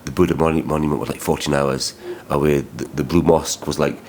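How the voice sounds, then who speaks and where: A man's voice: a bass voice, steady tone, fast talker, a little mellow, a little hiss or hum. A man vlogging about his travels, talking in a rambling, heated way with plenty of swearing and restarts. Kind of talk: vlog storytelling.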